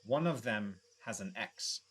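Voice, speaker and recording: Halting man running a tabletop game. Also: fairly low pitch, expressive, a bit bright, breathy edge. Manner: halting, full of ums and restarts. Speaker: dungeon master. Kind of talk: describing scenes in a tabletop game.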